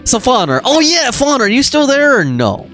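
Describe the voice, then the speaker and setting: A man's voice: very high voice, wildly swooping pitch, moderate pace. A man streaming a game, chatting casually and thinking aloud as he plays. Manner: rambling, thinking aloud with laughs. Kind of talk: casual gameplay chat. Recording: faint game music behind.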